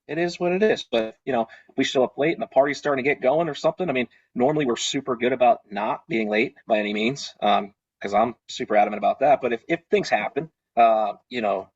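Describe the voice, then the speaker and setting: A man with a slightly husky voice tells his stories in a loose, rambling way, full of fillers, restarts and asides. He sounds like a small business owner swapping tips on a video call. The sound is a little dull and muffled. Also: mid-range voice. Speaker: party rental business owner. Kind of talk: casual storytelling on a video call.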